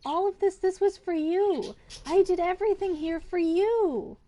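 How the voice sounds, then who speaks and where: A woman's voice: very high voice, measured pace, warm tone, a little hiss or hum, voice pushed up. A woman voicing a panicked, clingy station AI. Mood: frantic. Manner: frantic, pleading outbursts. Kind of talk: reading game dialogue aloud.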